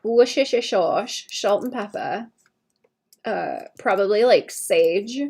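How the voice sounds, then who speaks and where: A woman's voice: mid-range voice, takes it slowly, gravelly, darkish tone, husky. A woman chatting casually to her stream while drawing, with a slight cough. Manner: chatty, rambling, talks to chat between drawing. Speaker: livestreaming illustrator.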